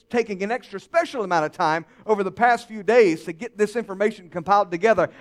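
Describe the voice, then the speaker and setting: Guy pastor preaching, pretty high voice, goes from quiet to loud and back. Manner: dramatic, swings from hushed to shouting. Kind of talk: sermon.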